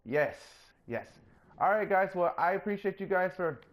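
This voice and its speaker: A man hosting his own gaming channel, chatting casually through his gameplay and getting openly excited when things work. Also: normal speed. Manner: coaxes the game character in a higher, playful voice.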